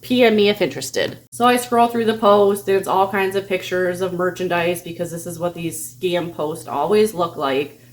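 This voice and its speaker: A woman crafting vlogger telling a story in a sarcastic, animated way. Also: lowish voice, moderate pace, hardly any pauses. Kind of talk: storytelling vlog.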